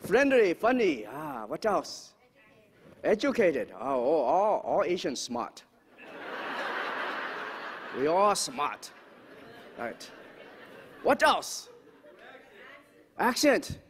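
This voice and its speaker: A man's voice: high voice, wildly swooping pitch, very slow, pauses often, full character voice. A man putting on a mock Japanese accent as a teasing lecturer speaking broken English to an audience in a lecture hall. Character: comic broken-English male lecturer persona, cheeky. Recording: echoey hall, faint background noise.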